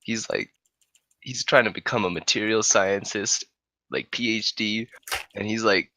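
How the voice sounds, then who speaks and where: Brief: young male podcast host, low gravelly voice, bright and lively, rambling storyteller. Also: measured pace, dry recording. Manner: rambling, cursing, laughing often. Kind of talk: casual comic storytelling.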